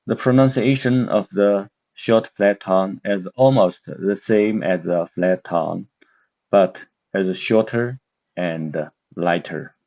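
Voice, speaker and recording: A man with a very low voice teaches a language lesson at an unhurried pace. He explains step by step and pauses often to search for words. The recording sounds dull and muffled. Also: darkish tone. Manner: slow, careful, with many fillers and pauses. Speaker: Mandarin teacher.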